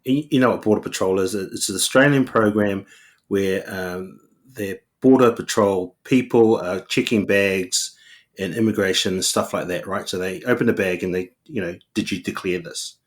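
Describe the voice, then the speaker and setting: A man's voice: low voice, normal speed. A man, a guest comedian rambling through anecdotes in casual chat. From New Zealand. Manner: rambling anecdotes, acts out quotes.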